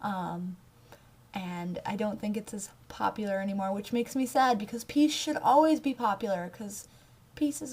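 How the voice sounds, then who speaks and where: A woman's voice: medium pitch, normal speed, darkish tone. A young woman from the United States chatting casually to camera in her own vlog, giggling now and then and talking with her hands. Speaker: vlogger.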